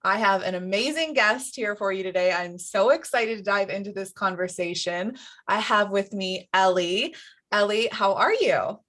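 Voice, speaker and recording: A woman's voice: medium pitch, expressive, moderate pace, a bit bright. Enthusiastic woman hosting a podcast. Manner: enthusiastic, effusive. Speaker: podcast host. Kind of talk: podcast interview.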